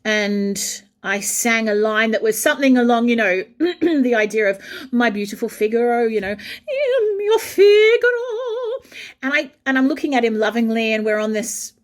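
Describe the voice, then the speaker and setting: A woman, an opera singer, telling a backstage anecdote in an animated way and breaking into sung phrases. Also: fairly high pitch, moderate pace. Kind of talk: storytelling anecdote.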